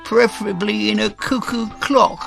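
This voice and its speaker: A man voicing a clumsy, sniffling cuckoo bird in a children's story, in a slow, drawling, high voice. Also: steady tone, vocal fry, over music. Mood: glum.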